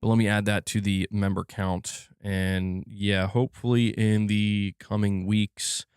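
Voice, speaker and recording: A man's voice: fairly low pitch, level tone, measured pace, a little mellow, clear, resonant tone, dry recording, studio quality. A man hosting a casual gaming livestream, chatting loosely and reading out viewers' chat messages. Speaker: livestream host.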